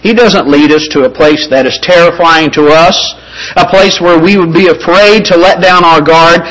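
A male pastor preaching a sermon in an earnest, conversational way, slowing down and softening on scripture and key points. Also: on the high side, poor audio.

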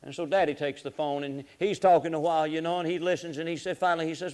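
A man preaching a folksy sermon, swinging between loud urging and low, quiet asides. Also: fairly even intonation, fast talker, clear, resonant tone. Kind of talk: sermon on marriage.

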